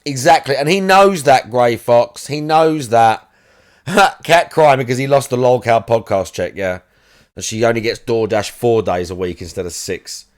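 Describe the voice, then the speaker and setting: Crude, mocking man streaming. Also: mid-range voice. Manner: crude, mocking and rapid-fire. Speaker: livestream host. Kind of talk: casual livestream commentary.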